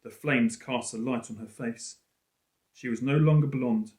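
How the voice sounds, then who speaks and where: A male teacher reading a storybook aloud in an expressive, lively way. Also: medium pitch, a little slow. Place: school room. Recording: roomy echo.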